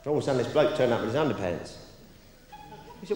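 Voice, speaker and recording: A man's voice: mid-range voice, a little fast, long pauses, a little mellow. A man doing a bawdy live stand-up routine, bantering cheekily with the audience from a club stage. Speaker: stand-up comedian. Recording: echoey club recording with crowd. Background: audience laughter.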